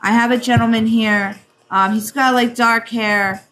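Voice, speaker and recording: Woman, Rhode Island accent, live-stream psychic host, friendly "darling" patter, slightly high bright voice. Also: steady tone, measured pace, a little hiss or hum. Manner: chatty, calls viewers darling, many ums. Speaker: psychic reader and livestream host. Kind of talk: live-stream chat and card reading.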